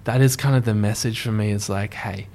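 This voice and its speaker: A young man, a podcast guest telling a story in an animated way, often stumbling and restarting. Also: fairly low pitch, fast. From Australia.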